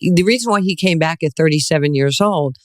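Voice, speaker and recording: A woman in her sixties from New York, a guest telling lively stories in an interview and acting out the voices in them. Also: deep voice, fairly quick, no room sound, studio quality. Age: 60s. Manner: animated storyteller, acts out quoted voices, laughs often. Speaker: guest, former basketball player. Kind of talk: storytelling interview.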